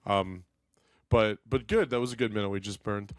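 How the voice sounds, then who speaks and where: A young man co-hosting a podcast, a teacher by trade, who tells stories in a dry, deadpan way during casual banter. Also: fairly low pitch, moderate pace, no echo. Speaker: podcast co-host.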